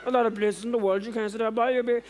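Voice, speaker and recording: An Irish man doing rambling, profane stand-up on a theatre stage, halting and restarting his sentences. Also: very high-pitched, fairly even intonation, darkish tone. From Ireland. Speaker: stand-up comedian. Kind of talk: stand-up routine. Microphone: stage microphone. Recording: live show, noisy crowd.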